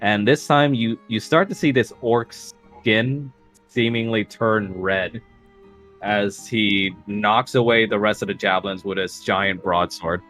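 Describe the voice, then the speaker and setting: Casual low-voiced male game master. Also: steady tone, a little slow, fairly bright tone, faint music behind, poor audio. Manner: casual narration with fillers and laughs. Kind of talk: narrating a tabletop game.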